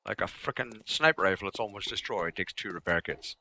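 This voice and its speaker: A man's voice: on the low side, fairly quick, creaky, sharp tone, a little hiss or hum. A young man streaming a survival game live, chatting casually, swearing now and then, grumbling at the game and answering his chat. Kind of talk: live gameplay commentary.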